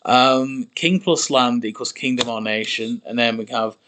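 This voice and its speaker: A man's voice: mid-range voice, measured pace, fairly bright tone, a little hiss or hum. A man streaming himself building a made-up language, thinking aloud while typing, muttering and repeating words to try them out. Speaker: conlang streamer.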